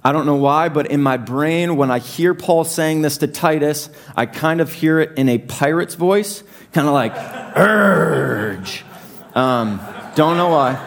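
A young adult man preaching a sermon to his congregation in a conversational, self-deprecating way with animated asides. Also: a little high. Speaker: pastor.

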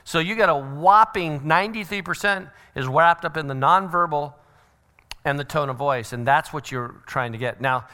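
A middle-aged man giving a church parenting seminar, animated and joking, often acting out what other people say. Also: on the high side, moderate pace. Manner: animated, acts out quoted voices. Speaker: seminar speaker.

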